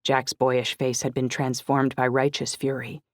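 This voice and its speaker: Steady woman narrating a novel. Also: rumbling low, unhurried, no echo, studio quality. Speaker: audiobook narrator. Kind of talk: first-person scripted narration.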